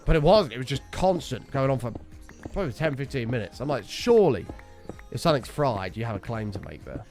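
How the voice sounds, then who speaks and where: A man's voice: medium pitch, sing-song, fairly quick, a little mellow, faint music behind. A young man streaming a game, casually telling a story, swearing freely and acting out his own quotes. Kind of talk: casual storytelling while gaming.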